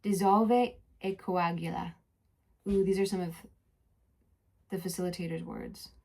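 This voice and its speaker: A young adult woman hosting a podcast, telling a personal story in a soft, introspective voice that moves between spoken narration and casual chat. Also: on the low side, little pitch movement, measured pace, vocal fry. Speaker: podcast host.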